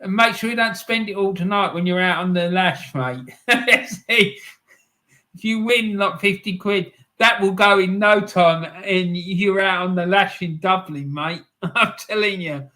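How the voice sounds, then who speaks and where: A man hosting a live stream reads the chat and talks casually with viewers, laughing often and calling them "mate." His voice is high-pitched and sharp, and he speaks unhurriedly.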